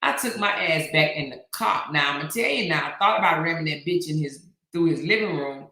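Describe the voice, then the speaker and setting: Loud, laughing woman host in an echoey room. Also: deep voice, lively intonation, a little fast. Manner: loud, laughing, teasing, swearing. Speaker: commentary channel host. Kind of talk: casual gossip chat reading live comments.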